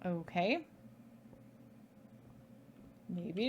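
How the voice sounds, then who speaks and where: A woman's voice: fairly low pitch, fairly even intonation, slow pace, gravelly, pauses often, a little mellow, a little hiss or hum. A woman streaming a horror game, talking through it with sarcastic, swearing commentary. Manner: sarcastic, swears casually, thinks aloud. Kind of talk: let's play commentary.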